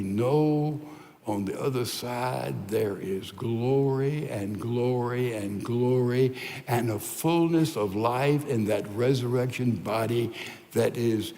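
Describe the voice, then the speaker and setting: An older man preaching a sermon as pastor. His delivery is emphatic and at times drops to soft, hushed lines. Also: mid-range voice, slow. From United States. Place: large church sanctuary. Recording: reverberant large church hall.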